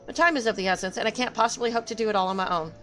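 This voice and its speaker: A woman's voice: a little high, racing, bright, forceful tone. A woman voicing a worried rabbit-folk character in a game, fretting and pleading for help. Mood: fretful.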